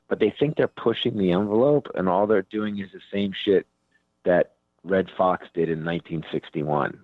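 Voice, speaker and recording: A man's voice: deep voice, no room sound. A man, a comedian, talking frankly and rambling in a casual interview, full of "dude" and "man". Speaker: comedian guest. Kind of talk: casual radio interview over the phone. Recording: tinny phone line.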